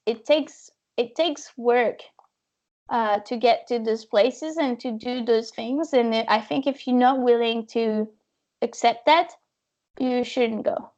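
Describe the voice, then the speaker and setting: Woman guest, bit high-pitched, lively storyteller, muffled lo-fi audio. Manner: animated, acts out quoted voices, laughs often. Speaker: podcast guest, expedition kayaker. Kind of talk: casual storytelling interview. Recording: dull lo-fi audio.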